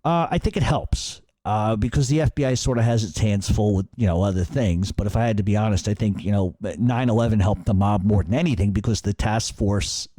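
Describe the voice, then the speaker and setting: A man's voice: fairly low pitch, brisk, few pauses, warm tone, no room sound. A middle-aged man hosts a radio Q&A. He reads listener questions aloud and answers them bluntly, swearing in casual storytelling. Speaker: radio show host.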